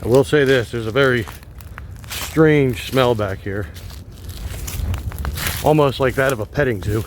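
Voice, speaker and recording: A man with a mid-range voice talks his way along wooded trails, relaxed and thinking aloud with little pauses. He records outdoors on a phone held on a gimbal. A faint outdoor noise sits under his voice. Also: mid-range voice. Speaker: vlogger exploring a park. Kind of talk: casual walking narration.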